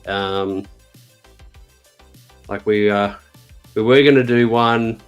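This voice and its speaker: A man's voice: on the low side, steady tone, slow pace, clear, resonant tone, dull audio, soft background music. A man speaking as a guest in a casual chat, hesitant and full of fillers.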